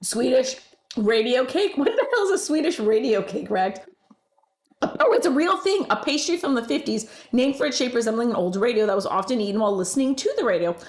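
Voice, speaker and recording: A woman's voice: on the high side, very animated, quick pace. A woman hosting a casual livestream, chatting and laughing often while she bakes and reads out viewer comments. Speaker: livestream host. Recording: roomy echoey room.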